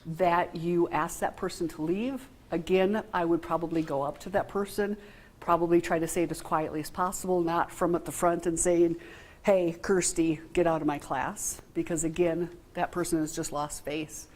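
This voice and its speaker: Woman trainer, lower voice, plain-spoken, chatty and direct with the group. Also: steady tone, moderate pace, darkish tone. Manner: frank, conversational, asks the room questions. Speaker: workshop trainer. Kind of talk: informal training talk to a group.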